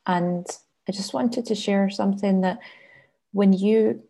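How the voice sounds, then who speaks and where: A woman's voice: mid-range voice, steady tone, a little slow, vocal fry, mellow. A woman student sharing her own experience in a reflective, somewhat hesitant way. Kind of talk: personal sharing.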